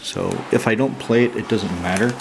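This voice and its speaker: Low gravelly man chatting over noise. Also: moderate pace, over music. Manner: rambling, thinks aloud, swears casually. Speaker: channel host opening card mail. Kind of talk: casual unboxing chat. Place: home. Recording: noisy room with running water.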